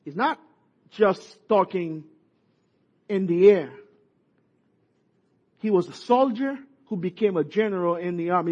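A man preaching a sermon, impassioned, dropping soft and rising to shouted peaks. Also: sits high, animated, a little slow, long pauses. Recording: muffled lo-fi sermon recording.

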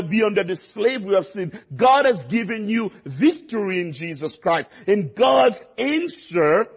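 A man preaching a sermon, his delivery swinging between quiet, low passages and rising, emphatic stretches. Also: breathy edge. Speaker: pastor.

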